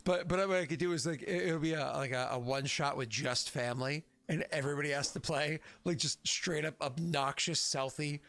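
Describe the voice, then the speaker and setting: A man's voice: a little high, brisk, hardly any pauses, fairly bright tone. A young man acting as game master in a tabletop game, chatty and jokey, laughing at his own bits. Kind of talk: running a tabletop game over stream.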